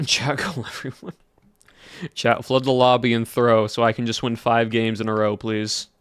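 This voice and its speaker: A man's voice: mid-range voice, level tone, normal speed, clear, resonant tone, no room sound. A young man streaming a game, chatting casually and rambling to his chat. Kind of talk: casual livestream chat while gaming.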